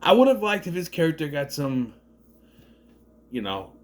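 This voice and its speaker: Rambling, animated man reviewing a movie. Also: a little high, normal speed. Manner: rambling, animated retelling with lots of fillers. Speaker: video reviewer. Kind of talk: casual spoken movie review.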